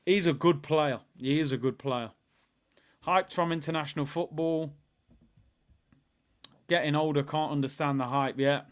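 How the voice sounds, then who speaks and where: High-voiced, excitable man. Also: unhurried, long pauses, clean tone. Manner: excitable, chatty, bursts into shouts at goals. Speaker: host of a football watchalong. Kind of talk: live football watchalong commentary.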